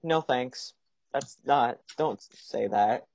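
A man's voice: mid-range voice, takes it slowly, a little mellow. A teenage boy hosting a podcast from his room at home, chatting eagerly and playfully, often stumbling and restarting his words. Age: teens. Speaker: podcast host. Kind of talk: casual chat. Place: home bedroom.

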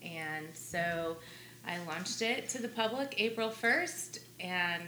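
Woman guest, relaxed and a little hesitant, unhurried; echoey room, faint hum behind. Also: on the low side. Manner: easygoing, a bit hesitant. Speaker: guest, small business owner. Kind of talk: casual interview chat.

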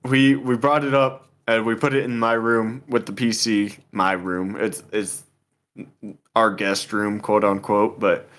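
A man's voice: lowish voice, little pitch movement, measured pace, a bit bright. Laid-back young man telling a story. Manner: laid-back, swears a lot, laughs often. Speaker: podcast co-host telling a story. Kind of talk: casual storytelling chat.

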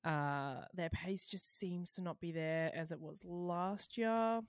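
A female podcast co-host chats excitably, tossing in lots of quick asides and keeping things casual and lively. Her voice is on the low side for a woman. The recording is dry, with a close, intimate sound.

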